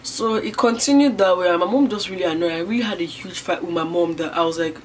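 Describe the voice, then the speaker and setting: A young woman from Niger telling a personal story to camera in a rambling way, full of fillers. She swings from loud bursts to hushed near-whispers. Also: on the low side, fast, slight background noise. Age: young adult. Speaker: vlogger.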